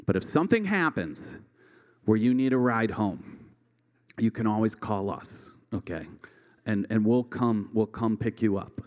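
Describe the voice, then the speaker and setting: Man doing worried parents, earnest lecture, lower and slower voice, stand-up bit. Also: expressive, darkish tone. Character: worried parents giving a sober curfew speech.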